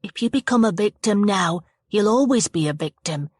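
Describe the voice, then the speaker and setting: A woman voicing a bossy middle-aged mother running a children's party, brisk and scolding. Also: medium pitch, expressive, a little mellow, breathy edge, dry recording, studio quality. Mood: stern. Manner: brisk, scolding, then stern advice.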